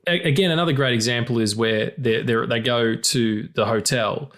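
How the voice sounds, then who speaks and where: A man co-hosting a film podcast in casual chat, animated, swearing often and laughing loudly. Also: mid-range voice, brisk, hardly any pauses. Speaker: podcast co-host.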